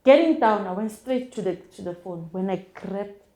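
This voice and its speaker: A young South African woman telling a personal testimony as an interview guest, in a halting, hesitant way full of restarts and repeated words. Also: medium pitch, lively intonation, dark tone. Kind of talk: emotional first-person storytelling.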